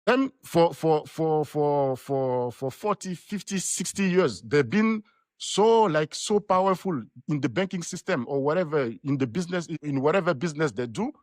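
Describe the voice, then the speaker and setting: A man's voice: a little high, expressive, moderate pace, a little mellow, no echo, studio quality. A man on a live online panel, talking in long rambling runs with many restarts and repeated words. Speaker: panel guest.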